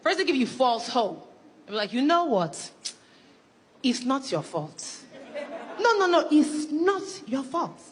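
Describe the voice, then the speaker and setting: High-voiced woman doing stand-up in a hall. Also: big pitch swings, takes it slowly, a little hiss or hum. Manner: laughing, acting out quotes. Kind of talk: stand-up comedy. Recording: echoey hall with loud crowd.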